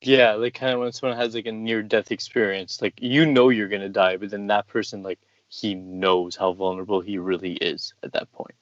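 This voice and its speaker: A man with a lowish voice talks in a loose, searching way, filling his sentences with "like" and "um". The recording is dry and somewhat dull. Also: fairly even intonation, normal speed, few pauses, dry recording. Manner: hesitant, full of "like" and "um". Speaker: conversation partner. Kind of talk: casual conversation.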